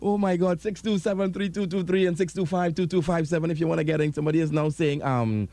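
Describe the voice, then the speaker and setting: A man with a Trinidadian accent hosting a radio call-in show, playful and quick to laugh. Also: a little high, steady tone, mellow, no room sound. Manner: laughs often, playful banter. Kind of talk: casual radio call-in chat.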